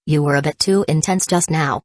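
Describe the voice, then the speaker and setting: Audiobook read: woman voicing a shy teen girl, stammering mutter, low voice, dry. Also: a little fast, dry recording, close to an everyday voice. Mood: flustered. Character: shy, flustered teenage girl.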